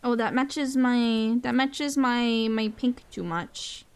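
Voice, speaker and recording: A young woman chats casually as she streams a game, her voice sitting a little high. She talks at an unhurried pace. She gets excited easily, gasps often and repeats her phrases. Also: clear, resonant tone.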